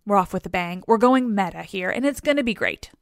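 A woman's voice: mid-range voice, lively intonation, a little fast, vocal fry, dry recording, clean studio sound. A woman retelling a story in a chatty, casual way with wry asides.

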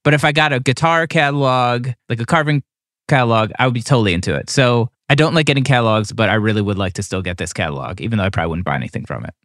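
A man's voice: medium pitch, rapid-fire, fairly bright tone, dry recording, studio quality. A man in his thirties co-hosting a casual podcast chat, rambling with lots of filler words. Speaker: podcast co-host.

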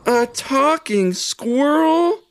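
A man's voice: sits high, very animated, measured pace, noisy background, pitched above the performer's own voice, full character voice. A man voicing a playful, adventurous young girl in a children's storybook reading.

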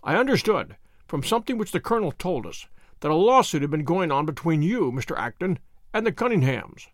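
A man reading aloud, voicing a confident, sharp detective who explains in a measured way. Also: fairly high pitch, sing-song, no echo, clean studio sound. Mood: explaining.

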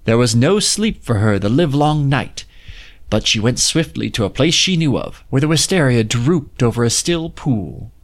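A man reading an old fairy tale aloud in a measured, lyrical storybook manner. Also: medium pitch, big pitch swings. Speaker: narrator.

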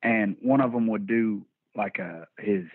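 A man's voice: on the low side, unhurried, dry recording. A man from Texas with a Texan accent, a band musician telling stories in a laid-back, profane, rambling way. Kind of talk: casual interview storytelling. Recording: tinny phone-like remote line.

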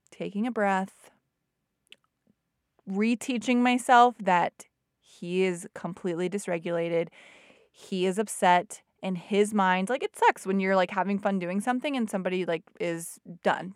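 A woman at a middle pitch tells a family story the way she'd tell a friend. She is chatty and animated, leans on "like" a lot, and sounds close and dry, with no room around her. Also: dry recording. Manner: chatty, many "like" fillers, animated retelling. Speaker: mother. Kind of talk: casual storytelling to an audience.

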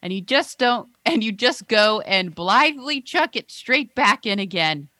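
A woman's voice: fairly high pitch, lively intonation, a little slow, pushed and bright, no echo. A woman co-hosting a podcast, reading listener messages aloud in a dry, teasing way. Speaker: podcast co-host.

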